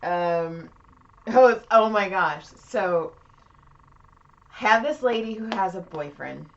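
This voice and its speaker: A woman's voice: mid-range voice, slow pace, a little hiss or hum. A middle-aged woman co-hosts a chatty podcast with a mid-range voice. She tells stories with lots of animation and drops the odd swear. The audio is a little muffled and lo-fi. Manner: animated, swears freely, acts out quoted voices. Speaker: podcast co-host. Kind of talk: casual storytelling chat.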